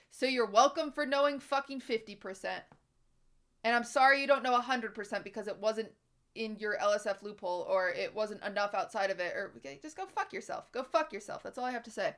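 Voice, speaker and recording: A young woman streaming live, her voice high and bright as she rants at her chat. She sounds exasperated and swears freely, pressing each point with emphatic repetition.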